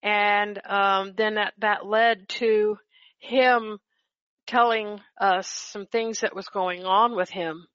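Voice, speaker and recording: A woman leading a group Bible study over a call, talking haltingly with many restarts. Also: medium pitch, steady tone, a bit bright, no echo, dull audio.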